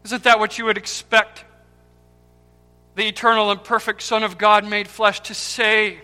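A man preaching a sermon with impassioned swings between loud cries and hushed, near-whispered words, repeating key words for emphasis. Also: high-pitched, level tone, a little slow, clear, resonant tone. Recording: long hall reverb with faint music.

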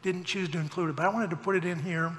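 A man's voice: high-pitched, steady tone, fast, fairly bright tone, long reverb tail. A middle-aged man preaching a sermon as pastor, with folksy joking asides.

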